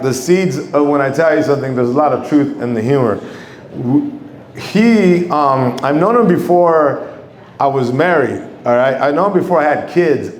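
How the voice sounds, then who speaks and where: A man's voice: fairly high pitch, slight background noise. A middle-aged man, telling stand-up stories on a comedy club stage. He rambles, swears a lot and acts out quoted voices. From Mexico. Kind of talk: stand-up storytelling. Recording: echoey club room.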